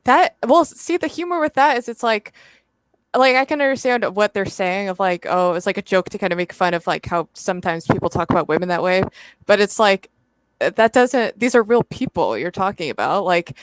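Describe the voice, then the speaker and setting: A woman's voice: mid-range voice, expressive, brisk, no echo. Woman, guest, casual chat, thoughtful and hesitant, dry close sound.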